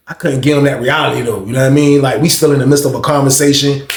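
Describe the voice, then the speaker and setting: Slangy storytime guy, gravelly voice, kinda high, echoey room. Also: fast talker. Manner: slangy, animated, repeats "you know what I mean". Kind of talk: casual storytime monologue.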